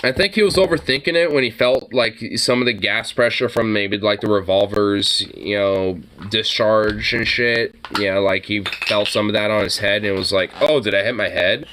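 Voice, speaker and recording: A man giving casual, animated reaction commentary on gun videos, swearing often and laughing at the clips. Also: fairly low pitch, moderate pace, few pauses, a little hiss or hum.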